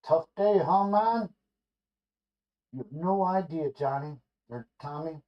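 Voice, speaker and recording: A man voicing a laid-back male stoner Uber driver with an odd put-on accent and a slow, drawling manner, in a dull lo-fi recording. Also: a little high. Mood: easygoing.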